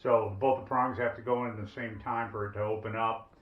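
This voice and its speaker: A man's voice: fairly low pitch, fairly even intonation, a little fast. A man co-hosting a home remodeling video, explaining electrical work in a plainspoken, casual way. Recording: echoey, dull room sound.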